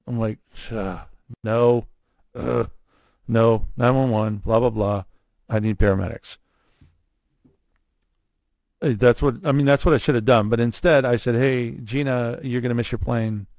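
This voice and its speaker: A man telling his own story in a casual interview, animated, acting out what others said to him. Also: mid-range voice, unhurried, pauses often, no echo. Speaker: guest, cardiac arrest survivor.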